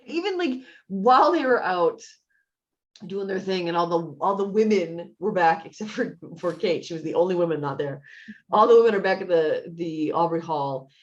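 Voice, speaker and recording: Lower-voiced woman chatting about a tv show, laughs a lot, kinda muffled lo-fi sound. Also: normal speed. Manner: animated storytelling, laughs often, jumps up high when quoting characters. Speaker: podcast co-host. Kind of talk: casual chat recapping a TV show.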